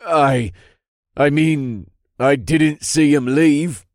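A man voicing a terrified male soldier who stutters nervously, pitched up and louder. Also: drawn-out words, no echo, clean studio sound. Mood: frightened.

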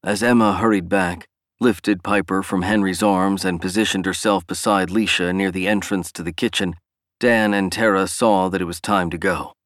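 A man narrating a novel in a steady, even storytelling read. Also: sits low, normal speed, no echo, clean studio sound. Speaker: audiobook narrator. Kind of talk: scripted narration.

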